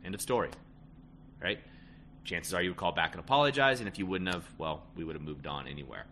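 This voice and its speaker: Speaking quickly in a deep, sharp-toned voice, this man coaches listeners on relationships in a casual, emphatic way. "Right?" caps many of his lines, and "end of story" comes up again and again. A faint hiss or hum sits under the audio.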